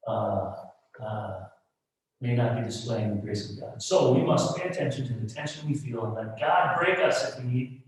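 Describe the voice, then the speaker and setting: A medium-pitched middle-aged pastor preaches at a moderate pace in a church sanctuary, with the roomy echo of a distant mic. His sermon is frank and conversational, dipping into soft asides and building to loud, emphatic peaks.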